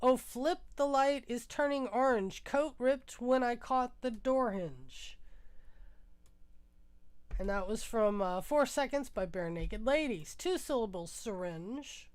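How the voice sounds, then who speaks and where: A woman's voice: a little high, slow pace, a little mellow. A woman hosting a music livestream, musing aloud as she browses, tired and congested from a sinus infection. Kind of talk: casual livestream chat.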